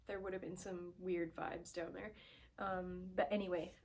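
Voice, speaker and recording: A woman's voice: fairly low pitch, flat delivery, normal speed, darkish tone, slight background noise. A young woman telling a story in a casual, rambling way, full of "like" and "um", sometimes dropping to a whisper, recorded at home on a camera aimed at her face. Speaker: vlogger.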